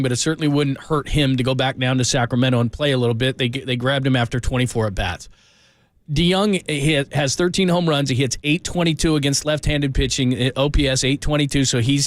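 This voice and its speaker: A man's voice: medium pitch, dry recording. A man hosting a sports radio show, arguing his point insistently and repeating himself as he talks. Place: radio studio.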